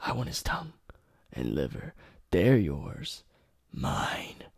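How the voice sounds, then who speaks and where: Sinister twin inmates, whispered low and slow and menacing, played by a man. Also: huge pitch swings, vocal fry, slightly rough, no echo, studio quality, full character voice. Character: pair of creepy murderous male twin inmates. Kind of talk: game retelling podcast.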